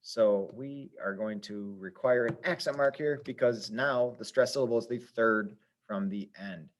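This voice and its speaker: A man's voice: mid-range voice, normal speed, slight background noise. Patient man walking through a lesson. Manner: patient, methodical, thinks aloud with fillers. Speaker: Spanish teacher. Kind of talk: step-by-step lesson explanation.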